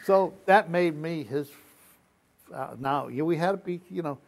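An older man tells his own stories in an oral history interview and acts out each person's lines as he goes. His voice is gravelly and sits a little high for a man. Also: takes it slowly. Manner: lively anecdotal storytelling with quoted dialogue.

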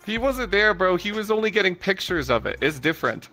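A man streaming, giving comedic call-outs to friends in a loud, exasperated, swearing rant. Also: sits high, big pitch swings, brisk, soft background music.

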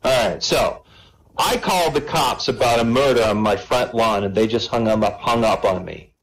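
A man telling stand-up jokes at a comedy evening. His voice sits at an ordinary middle pitch. He keeps a relaxed, storytelling pace and breaks off for asides to the audience. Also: moderate pace, low-quality recording.

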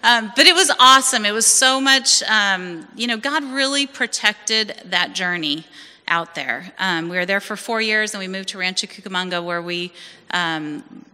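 Bright-voiced woman telling her story. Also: mid-range voice, moderate pace, clean tone, in a large hall. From California. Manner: lively storytelling, acts out quoted voices. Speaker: church member giving testimony. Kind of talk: personal testimony at a church service. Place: church hall.

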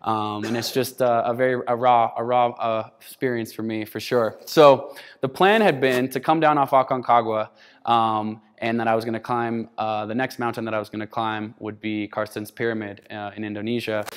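Guy in his 30s telling a climbing story on stage, smooth resonant voice, long hall echo. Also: mid-range voice, moderate pace. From United States. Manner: animated storyteller, acts out quoted dialogue. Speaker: keynote speaker. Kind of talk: storytelling keynote talk. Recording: hall reverb.

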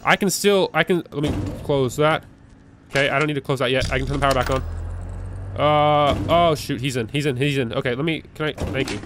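A man giving live commentary as he plays a horror game. He is jumpy and nervous, repeats words in quick bursts and begs the game's enemies to go away. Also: mid-range voice, background noise. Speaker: gaming video creator. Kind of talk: live let's-play commentary.

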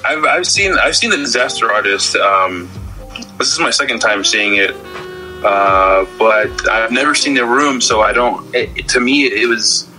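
Bright-voiced man rambling about a film. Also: medium pitch, unhurried, faint music behind, low-quality recording. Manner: rambling, stammering, many restarts. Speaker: podcast co-host. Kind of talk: casual film-discussion chat.

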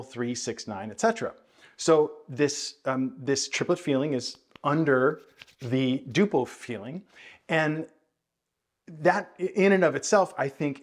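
A male music teacher in a video lesson, voice sitting in an ordinary middle register. He explains ideas in a thoughtful, hedging way and breaks into counted beats and scatted rhythms to demonstrate. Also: mid-range voice. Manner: counts and scats rhythms aloud while explaining. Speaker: jazz bass teacher.

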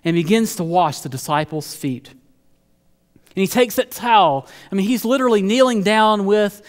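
A man's voice: high voice, normal speed, in a large hall. A man preaching a sermon as pastor, earnest, often repeating words as he builds a point. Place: church sanctuary.

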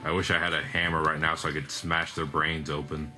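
A man's voice: a bass voice, level tone, fairly quick, bright, forceful tone. A young man giving casual, joking, sarcastic and profane commentary while playing a video game with his sister. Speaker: let's play gamer. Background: game music.

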